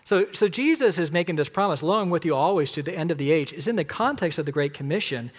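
A man's voice: on the high side, expressive, quick pace. A man preaching a sermon, emphatic, counting off points and putting rhetorical questions to his listeners. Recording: long hall reverb.

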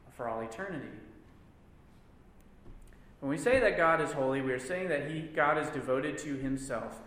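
A man's voice: a little high, fairly bright tone, a little hiss or hum. A man teaching a church Bible class, stressing points by repeating words. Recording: echoey room with long reverb.

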